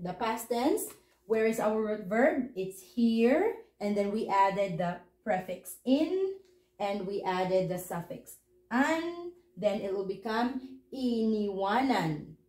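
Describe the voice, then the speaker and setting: A woman's voice: fairly high pitch, a little mellow, reverberant, rough recording. A woman teaching a grammar lesson, patiently breaking words down and repeating them. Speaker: language teacher. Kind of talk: slow, explanatory grammar lesson.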